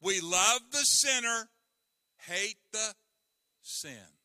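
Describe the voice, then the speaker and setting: A male pastor preaching a sermon, swinging from loud emphasis to hushed tones. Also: high voice, lively intonation, very slow, no room sound, clean studio sound. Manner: breaks into hymn lines.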